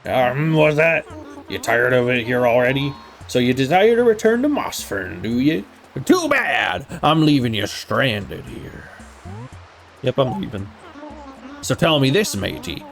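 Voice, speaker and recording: A man voicing a gruff male sea-captain turtle boatman in pirate talk, reading game dialogue aloud. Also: medium pitch, very animated, measured pace, soft background music, pitched above the performer's own voice. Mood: teasing. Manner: pirate talk, jolly and teasing.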